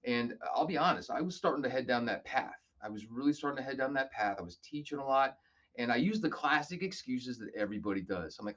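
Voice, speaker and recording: A man telling stories casually as a podcast guest, animated and acting out other people's lines. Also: mid-range voice, quick pace, lo-fi sound. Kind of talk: casual storytelling.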